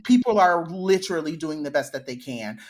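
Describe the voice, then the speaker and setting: A woman co-hosting a podcast in casual chat, animated and playful. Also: deep voice, moderate pace. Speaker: podcast co-host.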